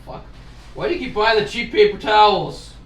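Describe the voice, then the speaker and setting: There's a little hiss or hum as a high-voiced Canadian man speaks at normal speed in casual vlog chat at his kitchen table. With a Canadian accent, he's crude, swears, laughs as he talks, and finishes lines with "eh."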